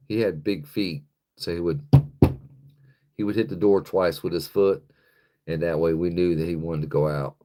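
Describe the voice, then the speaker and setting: A man's voice: sits low, mellow, slight background noise. A man chatting casually on his live stream, rambling loosely and swearing freely, into a phone on a stick.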